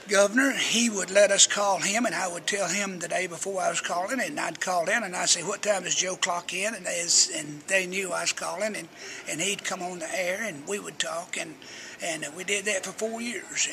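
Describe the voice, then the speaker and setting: A man's voice: sits high, moderate pace, vocal fry, sharp tone, a little hiss or hum. An older man, a radio personality telling rambling, folksy stories as an interview guest. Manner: folksy, chatty storyteller who acts out quotes.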